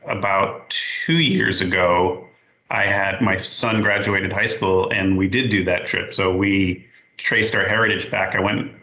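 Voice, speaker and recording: A man in his forties with a low, bright, forceful voice tells a casual story as a podcast guest. He talks in a halting, unhurried way and often stops to correct himself. The room gives his voice a noticeable echo. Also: steady tone.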